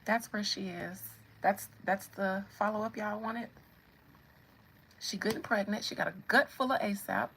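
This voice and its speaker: A woman hosting her channel, giving casual, animated celebrity commentary, laughing often and talking straight to her viewers. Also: mid-range voice, moderate pace, slight background noise, poor audio. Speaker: channel host.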